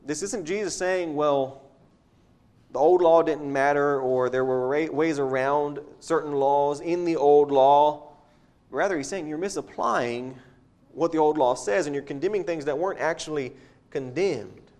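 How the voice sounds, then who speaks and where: Male preacher, somewhat high pitch, relaxed conversational sermon delivery. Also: unhurried. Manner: conversational, repeats words, chuckles at points.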